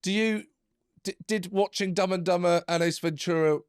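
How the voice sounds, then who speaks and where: A man's voice: high voice, steady tone, moderate pace, smooth, no room sound, clean studio sound. A male podcast host who laughs often and asks probing questions in a casual interview.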